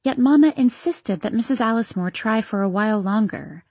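A woman reading a first-person story aloud as an audiobook narrator, measured and expressive. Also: a little high, slightly rough, no echo, lo-fi sound.

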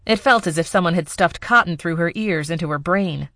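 Reading scripted audiobook narration, this woman speaks at a steady, measured pace in a lowish voice. The sound is studio quality, free of any echo.

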